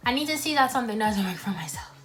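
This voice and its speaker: A woman's voice: fairly high pitch, animated, rapid-fire, music in the background. A young woman who films herself eating at home and chats to the camera in a blunt, frank way, talking between bites. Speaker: mukbang vlogger. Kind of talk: casual talk while eating.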